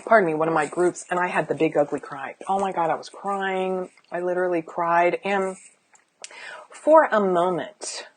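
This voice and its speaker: A woman's voice: fairly low pitch, fairly even intonation, moderate pace, slight background noise. A middle-aged woman, a life coach, sitting indoors and giving an emphatic, chatty live-streamed motivational talk with sighs and restarts.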